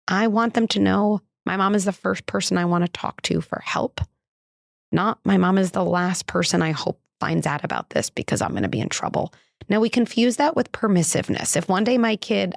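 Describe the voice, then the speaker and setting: Candid woman with a gravelly edge. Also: dry recording, clean studio sound. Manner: candid and conversational, many "like" fillers; acts out quoted dialogue with lifted pitch. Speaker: parenting psychologist and podcast host. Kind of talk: podcast monologue, personal story.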